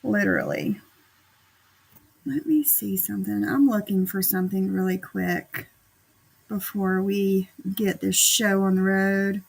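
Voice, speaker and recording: A woman's voice: medium pitch, fairly even intonation, a little slow, gravelly, husky. A woman hosting a livestream, chatting casually and repeating herself as she talks straight to her viewers, still getting over being sick. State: recovering from sickness. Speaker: livestream host. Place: home.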